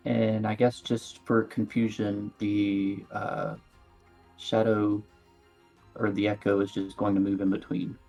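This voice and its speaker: A man takes his turn in a tabletop game, talking very slowly in a low voice and working out his plan as he goes. His sentences are full of "like" and small hesitations. Soft music sits far behind him. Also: level tone, creaky. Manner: hesitant, hedges with many likes. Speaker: player. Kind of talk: casual tabletop play.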